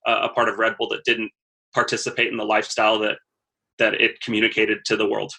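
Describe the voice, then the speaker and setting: A man in his thirties tells his story as a podcast guest in an easygoing, conversational way. His voice is bright and forward, yet his pitch stays almost level. He often doubles up words while he thinks. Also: monotone, fast talker, vocal fry. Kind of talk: casual interview talk.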